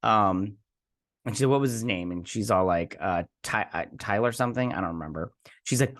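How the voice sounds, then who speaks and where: A man hosting a casual episode recap, chatty and animated, slipping into playful voices as he retells scenes. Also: fairly low pitch, brisk. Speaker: host.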